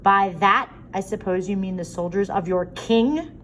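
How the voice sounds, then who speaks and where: A woman's voice: mid-range voice, normal speed, fairly bright tone, slight background noise, close to an everyday voice. Woman doing a stern, short-tempered father. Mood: sarcastic. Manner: stern, clipped.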